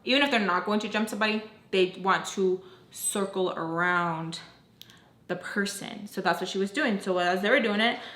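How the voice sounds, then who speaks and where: A young woman telling a personal story to her viewers in a chatty, animated way, full of fillers and acted-out quotes. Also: medium pitch, moderate pace, roomy sound. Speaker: storytime vlogger. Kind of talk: casual storytelling.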